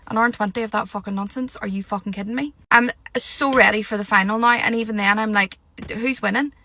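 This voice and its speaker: A woman's voice: medium pitch, fairly even intonation, fast, pushed and bright. A young woman ranting about a reality show in a heated, sweary, exasperated vlog. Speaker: reality TV commentator.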